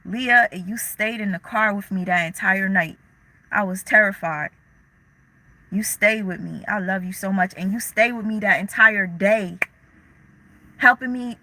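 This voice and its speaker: Bright, slangy woman chatting on a livestream. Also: mid-range voice, low-quality recording. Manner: candid, slangy, reads and answers chat comments. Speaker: livestream host. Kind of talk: casual livestream chat.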